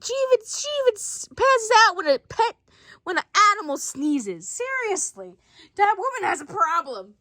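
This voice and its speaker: A woman's voice: extremely high pitch, very animated, moderate pace, bright, forceful tone, dry recording, clean studio sound. A woman telling a playful family story, switching between many character voices. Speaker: storyteller voicing a family skit. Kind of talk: playful family role-play.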